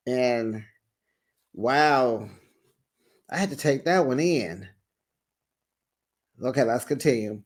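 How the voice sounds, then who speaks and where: A host casually recapping a reality TV episode, animated and sassy, tossing in "child" and "honey". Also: mid-range voice, slow, pauses often. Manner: animated and sassy, quotes cast members; colloquial, says "child" and "honey".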